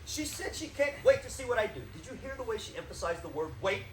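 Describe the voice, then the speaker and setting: An actor playing a vain, self-doubting stage actor who declaims grandly and then sinks into nervous gloom, in a live stage play. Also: male voice, sits high, lively intonation, quick pace, a bit bright. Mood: anxious, grandiose. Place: theater stage. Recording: echoey stage, distant mic, faint hiss.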